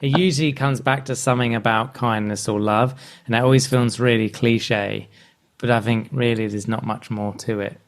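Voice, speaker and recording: A man's voice: medium pitch, normal speed. Easygoing male podcast host. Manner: relaxed, hesitant, many fillers. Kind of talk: podcast interview conversation.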